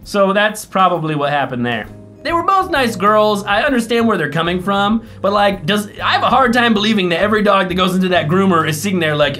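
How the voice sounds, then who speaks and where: A man talks straight to camera in a loose, rambling vlog, cursing freely as he acts out the people in his story. His delivery is animated and sarcastic. Faint music plays underneath. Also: high voice, fairly quick. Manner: animated, profane, mocking impressions. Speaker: vlogger.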